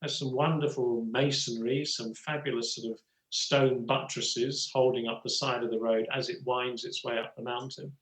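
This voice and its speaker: Casting: older English actor, chatty raconteur, mid-pitched, recorded with room echo. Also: male voice, level tone, moderate pace, fairly bright tone. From England. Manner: rambling, full of "you know" asides. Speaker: guest actor and writer. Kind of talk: relaxed storytelling conversation.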